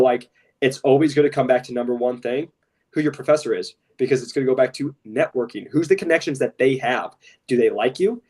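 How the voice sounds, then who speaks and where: A man's voice: mid-range voice, a little mellow, far from the mic. A man co-hosting a podcast in casual talk, blunt and impassioned, often saying "literally" and "straight up". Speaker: podcast co-host.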